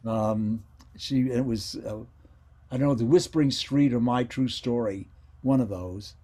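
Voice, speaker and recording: An older man who acted on radio as a child reminisces as a guest in a casual video-call interview. His mellow, mid-range voice moves at a measured pace as his stories meander and he keeps correcting himself.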